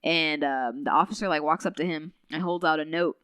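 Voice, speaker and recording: A woman podcast host casually recapping a novel's plot in a chatty, animated way, full of "like" and acted-out quotes. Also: fairly quick, clear, resonant tone, no room sound. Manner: chatty, filler-heavy retelling with lots of "like"; animated, quotes characters with shifting pitch.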